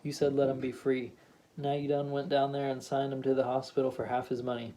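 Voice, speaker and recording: A reproachful, steadfast middle-aged wife, as a man reads her part without raising his pitch. She presses her point plainly and flatly. Faint hiss sits under the storybook reading. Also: brisk, natural voice, poor audio. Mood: accusing.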